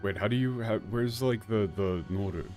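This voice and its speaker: Rambling low-voiced male game streamer. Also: moderate pace, darkish tone, soft background music. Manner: rambling, laughs often. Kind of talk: casual gameplay commentary.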